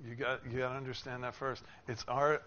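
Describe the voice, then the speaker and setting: A man's voice: mid-range voice, brisk. A man preaching a sermon, explaining a passage and acting out the people in it with rising emphasis. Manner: expressive, acts out quoted speakers with rising emphasis. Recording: slightly dull with faint noise.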